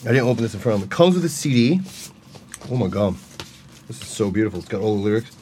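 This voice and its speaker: A man's voice: lowish voice, lively intonation, fast, a little mellow, slight background noise. A man hosting a casual solo podcast, talking in a rambling, enthusiastic way and laughing often, from a practice room. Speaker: musician and podcast host.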